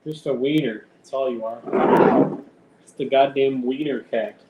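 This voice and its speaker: With a mid-range, unhurried voice, a man chats loosely on a home live stream, occasionally cursing and addressing his cat. Faint background noise can be heard in the roomy recording.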